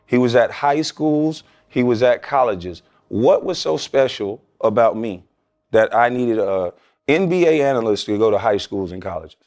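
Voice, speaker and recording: A man's voice: mid-range voice, expressive, moderate pace, darkish tone. A man, a former pro basketball player, answering as a guest in a podcast interview in a blunt, emphatic, argumentative way.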